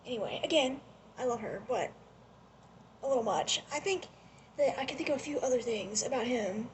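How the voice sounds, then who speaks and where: A young woman rambling excitedly in a casual vlog rant, gushing and laughing often, recorded on a propped-up phone. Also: high voice, slight background noise. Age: young adult. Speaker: vlogger. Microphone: phone propped on a lotion bottle.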